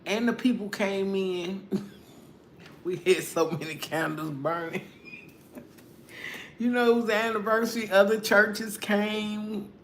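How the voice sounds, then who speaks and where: Middle-aged woman, tarot reader, slow and blunt, cusses and laughs, roomy echo. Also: medium pitch, steady tone. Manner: blunt, profane, laughs often. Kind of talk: casual tarot reading monologue. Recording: echoey room with faint noise.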